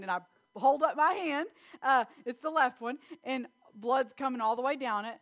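A middle-aged woman preaching with an animated, storytelling delivery. She moves between quick, excited bursts and slower, earnest appeals. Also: high voice. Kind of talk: sermon with personal story.

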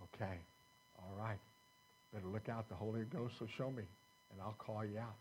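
A man's voice: on the low side, fairly even intonation, normal speed, darkish tone, slight background noise, rough recording. A man pastor preaching a sermon in a folksy, conversational way, quoting scripture to his congregation. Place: church sanctuary.

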